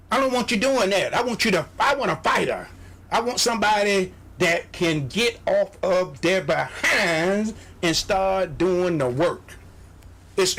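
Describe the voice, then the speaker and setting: A man's voice: high voice, a bit bright. A man hosting a radio show, giving a motivational sales pep talk, exhorting his listeners, repeating phrases and mimicking doubters.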